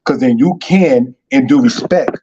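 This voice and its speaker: A man's voice: medium pitch, measured pace, mellow, dull audio, a little hiss or hum. A man teaching an online Hebrew lesson, repeating phrases and addressing listeners as brothers and sisters.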